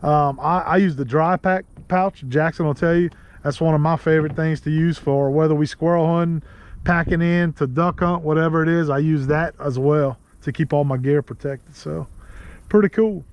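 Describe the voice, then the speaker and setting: A man with a Louisiana accent hosting a casual outdoor vlog from a kayak in the marsh, chatty and quick to laugh. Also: a little high, steady tone, muffled recording. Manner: chatty, laughs easily, rambling asides. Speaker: host.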